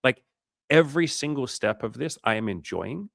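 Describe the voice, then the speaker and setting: A man's voice: medium pitch, lively intonation, normal speed, gravelly, fairly bright tone, no room sound, studio quality. A man coaching on a livestream in a casual, profane and fired-up way, talking emphatically. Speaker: dating coach.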